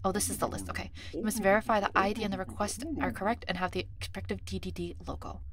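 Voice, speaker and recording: Young woman streamer reading game text, mumbly then flustered, lots of ums, mid-pitched voice. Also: fairly even intonation, fast, noisy background. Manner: scattered and chatty, many ums, gets flustered; reads on-screen instructions in a mumbly undertone. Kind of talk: live gameplay commentary, reading game text aloud.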